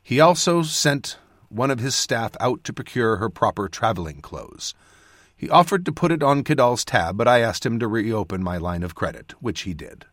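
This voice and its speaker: A man reading his own fantasy audiobook in expressive, lively storytelling narration. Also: mid-range voice, normal speed, no echo, clean studio sound. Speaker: author and narrator.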